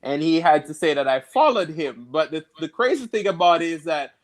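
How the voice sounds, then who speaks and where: A man's voice: a little high, animated, a little fast. Jamaican man, easygoing storyteller. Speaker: guest. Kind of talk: casual interview chat.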